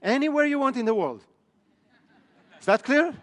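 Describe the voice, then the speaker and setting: A man's voice: very high-pitched, expressive, normal speed. A man giving a live business seminar, often checking in with the room. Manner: asks the room frequent check questions. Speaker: business trainer. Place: training room in front of an audience. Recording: echoey hall.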